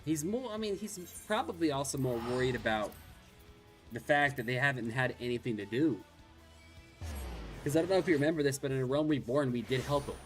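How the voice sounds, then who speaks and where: A man's voice: mid-range voice, expressive, fairly quick, soft background music. A man streaming a game, chatting casually and thinking aloud as he plays. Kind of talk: casual gameplay commentary.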